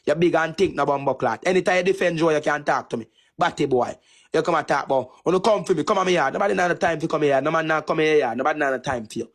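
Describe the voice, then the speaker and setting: A man's voice: a little high, fast talker. A man with a Jamaican Patois accent delivering a repetitive, taunting insult rant on a live stream. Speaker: TikTok streamer.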